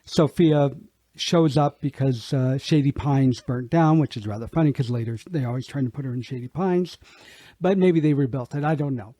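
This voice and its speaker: A man's voice: mid-range voice, normal speed, mellow, dry recording. A man co-hosting a podcast, recapping an episode in an easygoing way, thinking aloud as he goes. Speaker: podcast co-host. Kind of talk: casual podcast chat.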